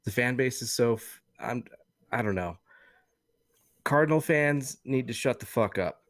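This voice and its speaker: A man in his thirties tells a long, rambling, profane story as a podcast co-host. His voice sits at an ordinary middle pitch. It is recorded close to the mic with a dry, dead sound. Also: animated, a little slow, a bit bright, no echo. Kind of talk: casual chat.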